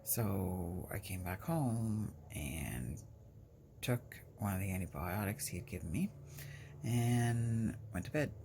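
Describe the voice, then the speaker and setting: Slow gravelly woman vlogging. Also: very deep voice, lively intonation, warm tone, slight background noise. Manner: rambling, chatty, breaks off to talk to pets. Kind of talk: casual storytelling.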